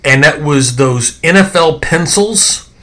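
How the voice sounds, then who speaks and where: A middle-aged man hosting a podcast, telling nostalgic stories in a rambling, animated way full of fillers and restarts. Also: fairly high pitch, takes it slowly. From American South. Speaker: podcast host. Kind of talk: casual nostalgic storytelling.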